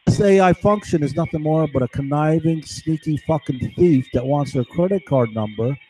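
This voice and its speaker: A man's voice: on the high side, moderate pace, warm tone, slightly rough, dry recording, faint music behind, low-quality recording. A man talking in a rambling, conspiratorial monologue to camera, acting out other people's voices as he goes. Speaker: vlogger.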